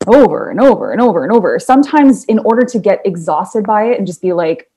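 A woman's voice: medium pitch, very animated, normal speed, few pauses, warm tone, breathy edge, rough recording. A woman co-hosting a podcast in casual, rambling chat, laughing often. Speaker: podcast co-host.

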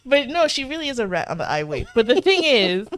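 A woman's voice: on the high side, sing-song, brisk. A woman co-hosting a casual book club podcast, giggling often as she retells scenes. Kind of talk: casual chat about a novel.

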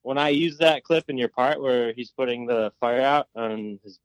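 A man's voice: mid-range voice, fairly even intonation, normal speed, smooth, no echo, dull audio. A young man in casual podcast chat, rambling and filling his talk with "like". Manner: rambling, filler-heavy with lots of "like". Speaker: podcast co-host.

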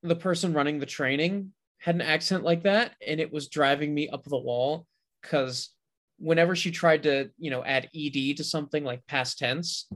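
A man's voice: a little high, moderate pace, a bit bright. A man co-hosting a podcast in casual chat, with a dry, sarcastic sense of humor. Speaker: podcast co-host.

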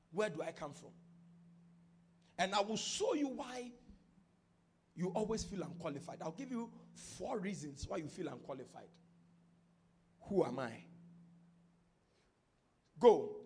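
High gravelly Ghanaian preacher, music behind. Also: male voice, big pitch swings, takes it slowly, pauses often, a little hiss or hum. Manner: builds from quiet teaching to shouted prophetic declarations. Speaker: pastor. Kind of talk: sermon.

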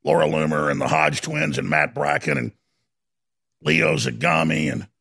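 A man hosting a talk radio show, ranting fiercely and stammering as he swings from shouting to low muttering. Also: expressive, normal speed, gravelly, breathy edge. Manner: fiery, stammering restarts.

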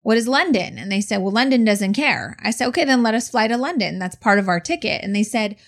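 A woman in casual conversation, telling a story from a family trip. She is lively and voices each person in the dialogue as she goes. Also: on the high side, a little fast. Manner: lively, acts out dialogue with others. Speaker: co-host telling a travel story, a mother.

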